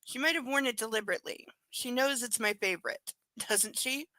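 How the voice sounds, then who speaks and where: Bright-voiced woman reading aloud, dry. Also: a little high, a little fast, no room sound. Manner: sarcastic asides and baby talk to her dog. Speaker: host reading a book aloud. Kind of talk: casual livestream reading with commentary. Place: home desk with her dog on her lap.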